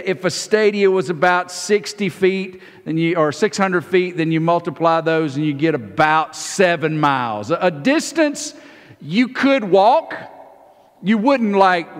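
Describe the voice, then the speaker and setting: A man preaching a sermon in a relaxed, conversational way. His fairly high voice swings widely up and down, and he stumbles over and repeats words as he starts phrases. The sound rings with the long reverb of a large hall. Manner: acts out the disciples' lines in quick, lively bursts. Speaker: pastor.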